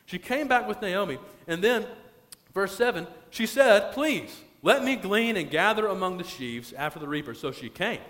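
A man preaching a sermon as pastor, stretching key phrases out slowly for emphasis. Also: sits high, expressive, a bit bright, long reverb tail.

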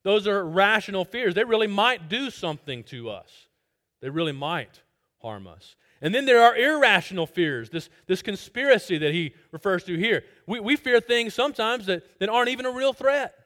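A man preaching a sermon, his voice set a little high for a man. He is emphatic, driving key phrases home by repeating them. He swings between loud stressed lines and soft, trailing drops. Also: big pitch swings, normal speed. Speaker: pastor. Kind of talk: expository sermon.

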